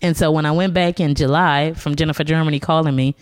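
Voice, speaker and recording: Lively woman comedian telling stories. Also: low voice, quick pace, clear, resonant tone, no room sound. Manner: animated storyteller, laughs often, slips into character voices. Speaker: stand-up comedian, guest. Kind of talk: casual storytelling chat.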